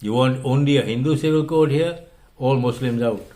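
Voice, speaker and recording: An older man speaks at a medium pitch. He hosts a commentary show and talks in an emphatic, impassioned way. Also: normal speed, dark tone. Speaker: host. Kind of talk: opinion commentary monologue.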